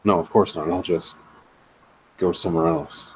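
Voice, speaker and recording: A man playing his character in a tabletop game, speaking slowly and formally in character. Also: sits low, steady tone, slightly rough, rough recording. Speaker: player. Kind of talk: in-character tabletop role-play.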